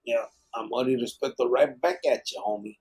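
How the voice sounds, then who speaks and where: A man's voice: mid-range voice, fairly quick, a little mellow, breathy edge. A man hosting a live podcast, chatting casually and reading out chat messages in a laid-back, slangy way that is full of swearing. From Arizona.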